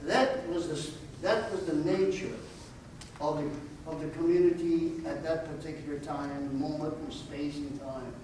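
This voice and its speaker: An elderly man in his eighties tells his life story to a college audience, earnest and fond of repeated rhetorical questions. His voice sits high for a man. He is picked up from a distance in a very echoey auditorium, with a faint noise underneath. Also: steady tone, a little slow, a little mellow. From United States. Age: 80s. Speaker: guest speaker. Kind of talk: personal storytelling talk.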